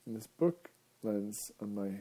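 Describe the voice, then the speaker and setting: A man's voice: on the low side, animated, unhurried, dark tone. A male radio host talking in a casual, rambling monologue, wandering off topic and chuckling often.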